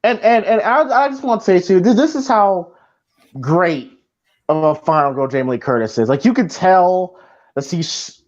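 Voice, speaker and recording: Male podcast co-host, casual movie commentary, restarts a lot, slightly high voice, muffled lo-fi recording. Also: animated, moderate pace. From Iowa, US. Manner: rambling with many restarts and fillers. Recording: dull lo-fi sound.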